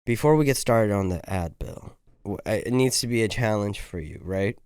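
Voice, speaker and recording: A man's voice: fairly low pitch, lively intonation, normal speed, darkish tone, clear, resonant tone, no room sound, clean studio sound. A man hosting a podcast in casual, joking banter, teasing his co-hosts and laughing often. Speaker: podcast host.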